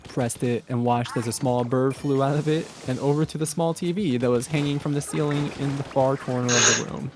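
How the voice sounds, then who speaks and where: A man's voice: medium pitch, darkish tone. Man narrating a storybook aloud. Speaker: story reader. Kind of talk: reading a fan story aloud on a livestream.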